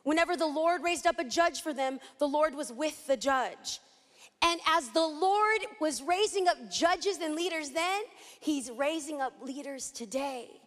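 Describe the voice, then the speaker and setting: Dramatic, high-voiced woman preaching in a hall. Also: unhurried. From East Los Angeles. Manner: dramatic and animated, acts out scenes. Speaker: Bible teacher. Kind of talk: sermon. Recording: hall reverb.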